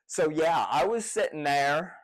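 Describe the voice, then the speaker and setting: Excitable swearing man, slightly high voice. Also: measured pace, low-quality recording. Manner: profane, rambling, excitable retelling. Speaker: storyteller. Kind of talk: casual personal storytelling.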